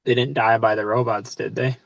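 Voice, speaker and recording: A man's voice: mid-range voice, flat delivery, a little fast, creaky, dry recording. A man in a casual podcast chat who answers with short reactions and pointed questions.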